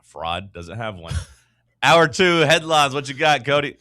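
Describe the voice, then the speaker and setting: A man hosting a sports talk radio show, joking and bantering loudly with his co-hosts. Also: medium pitch, big pitch swings, dry recording, studio quality. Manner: loud, jokey, quick to laugh.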